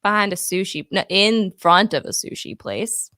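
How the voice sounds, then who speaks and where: A woman co-hosting a casual podcast, giggling and tossing in quick reactions. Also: mid-range voice, very animated, pushed and bright, no echo, studio quality. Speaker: podcast co-host. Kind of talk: casual chat.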